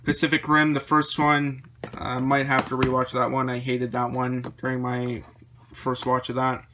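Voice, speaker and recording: A man vlogging about his movie collection, rambling through titles with quick opinions, his voice a little worn. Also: medium pitch, monotone, pushed and bright, slight background noise. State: slightly losing his voice. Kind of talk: casual chat showing a collection.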